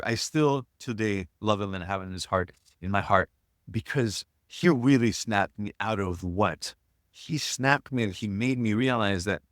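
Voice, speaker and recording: This interview guest, a shamanism teacher in his sixties, reflects earnestly on his own experiences, repeatedly restarting what he's saying. His voice is lowish, captured at studio quality without any room sound.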